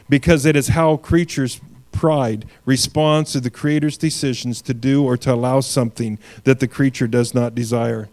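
A man's voice: mid-range voice, fairly even intonation, normal speed, a little mellow. A male pastor delivering a sermon, reading scripture aloud and building to emphatic peaks.

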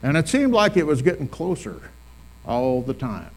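A man's voice: fairly high pitch, huge pitch swings, normal speed. A male pastor giving a funeral eulogy in a full service hall, telling folksy stories and repeating phrases for emphasis.

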